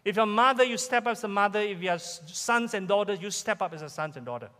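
Malaysian-accented male pastor, high voice, emphatic sermon delivery, long hall reverb. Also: lively intonation, fast talker, bright, forceful tone. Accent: Malaysian English. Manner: emphatic, repeats key questions. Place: church sanctuary.

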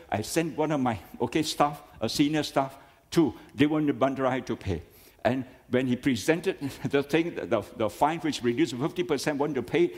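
A man's voice: on the high side, a little mellow. Malaysian guy preaching, keeps asking the crowd questions and saying friends, big echoey hall sound. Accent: Malaysian English. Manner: emphatic, rhetorical questions, keeps addressing listeners as friends. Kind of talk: sermon.

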